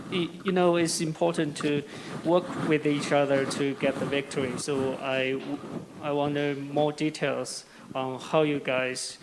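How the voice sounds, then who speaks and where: A male reporter asking a question in a halting way, full of fillers and restarts. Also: on the high side, slight background noise.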